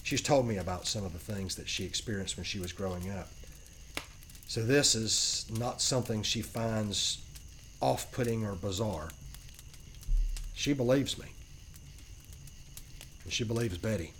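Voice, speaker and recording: A man narrating a first-person paranormal story as a podcast host, earnest and emphatic with dramatic pauses. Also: lowish voice, a bit bright, slight background noise.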